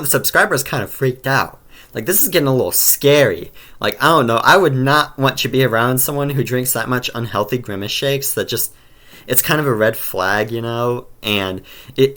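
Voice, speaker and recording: A man's voice: mid-range voice, sharp tone. Rambling slangy young-sounding storytime guy. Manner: rambling slangy delivery full of "like" and "bro". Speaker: storytime narrator. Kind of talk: casual storytime narration over gameplay.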